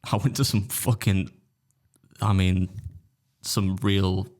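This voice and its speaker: A man's voice: low voice, fairly even intonation, slow pace, darkish tone. A man, co-hosting a podcast, blunt and sweary with dry teasing. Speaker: podcast co-host. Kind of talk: casual chat.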